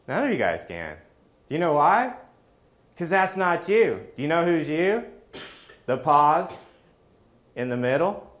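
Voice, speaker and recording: A man's voice: on the high side, big pitch swings, unhurried, long pauses, a bit bright. A middle-aged man preaching a sermon in a conversational way, often asking the congregation questions.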